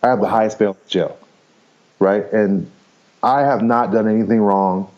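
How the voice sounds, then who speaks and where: A man's voice: fairly low pitch, steady tone, moderate pace, highs cut off. A man in his fifties, a podcast guest candidly recounting his life in a rambling, frank way, swearing casually and laughing easily. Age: 50s. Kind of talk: candid storytelling interview.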